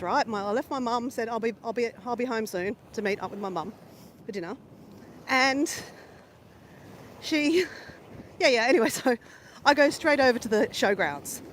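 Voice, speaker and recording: A woman's voice: on the high side, a little hiss or hum, rough recording. Chatty Australian woman swearing outdoors. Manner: chatty, animated, swears freely. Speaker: vlogger. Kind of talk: casual live-stream chat while walking. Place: outdoors near a lake and bridge.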